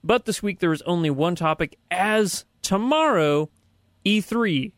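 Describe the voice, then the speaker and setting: Male co-host, slightly higher voice, steady explainer, dry mic. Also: unhurried, dry recording. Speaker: podcast co-host. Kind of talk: casual chat.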